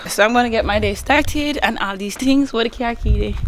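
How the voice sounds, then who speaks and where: A young woman vlogging in a casual, animated way, full of slang and swearing. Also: on the high side, fairly quick, few pauses, slight background noise, low-quality recording. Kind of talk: casual vlog chat. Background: loud music.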